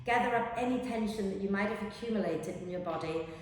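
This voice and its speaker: A woman yoga teacher giving slow, gentle breathing and relaxation instructions. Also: mid-range voice, distant mic. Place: yoga studio. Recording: very echoey room with long reverb, faint noise.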